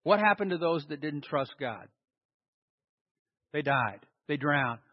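A man's voice: fairly high pitch, expressive, takes it slowly. A man preaching a sermon, emphatic, asking rhetorical questions and answering them himself. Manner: emphatic, stressing single words. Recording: echoey hall, dull lo-fi sound.

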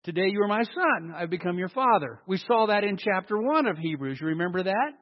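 A man's voice: high-pitched, lively intonation, a little fast, hardly any pauses. A man preaching a conversational sermon, asking his congregation questions as he teaches. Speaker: pastor. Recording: dull long-reverb hall sound.

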